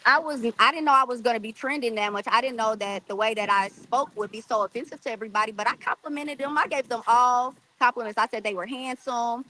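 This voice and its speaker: A woman's voice: on the high side, fast, few pauses, sharp tone, a little hiss or hum, poor audio. A woman guest talking in a sassy, defensive way in a casual live chat from beside a pool. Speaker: podcast guest, rapper. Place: outdoors by a pool.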